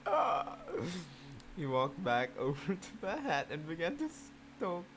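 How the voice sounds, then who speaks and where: A host reading fan fiction aloud in a casual reaction video, moving between slow, even reading and loud, shocked, swearing outbursts. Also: medium pitch, slight background noise.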